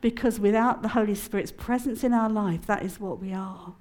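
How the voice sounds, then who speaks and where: A middle-aged woman preaches to a conference crowd, telling her story with lively emotion. She laughs easily, and her talk swings between bright excitement and hushed earnestness. Her voice sits at an ordinary middle pitch. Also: moderate pace. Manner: animated and emotional, laughing often. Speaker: speaker at a prayer conference. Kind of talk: testimony-style sermon.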